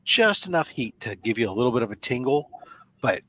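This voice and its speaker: A man's voice: medium pitch, sing-song, fairly quick, pushed and bright. A man in casual chat, laid-back and rambling, swearing freely. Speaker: podcast co-host.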